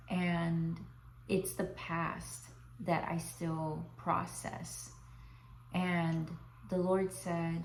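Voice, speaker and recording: Woman, Christian life coach, faith talk, earnest, somewhat low voice, roomy sound. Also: lively intonation, a little mellow, slight background noise. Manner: earnest, repeats herself, drawn-out phrasing. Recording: roomy echo.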